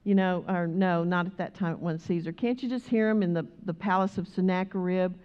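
A woman preaching a sermon, moving from conversational talk to loud, rhythmic exhortation. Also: on the low side, steady tone, fairly quick, clean tone, highs cut off.

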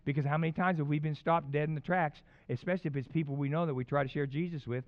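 Chatty pastor, a man with a rather high voice. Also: fairly even intonation, racing, dull audio. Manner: rambling, chatty storytelling with many restarts. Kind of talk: sermon with personal stories.

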